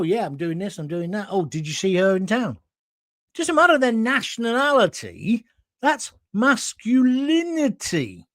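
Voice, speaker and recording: Male live-stream host, heated and emotional, pitch swinging widely, dry close sound. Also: no echo. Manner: indignant and emotional, addressing viewers directly. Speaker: host of his own live show. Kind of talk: impassioned live-stream commentary.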